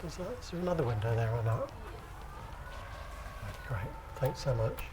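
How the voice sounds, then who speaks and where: A British man teaching at an acupuncture conference, speaking in a relaxed, conversational way and often checking with the audience. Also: medium pitch, normal speed, noisy background. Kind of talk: conference lecture. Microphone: handheld microphone.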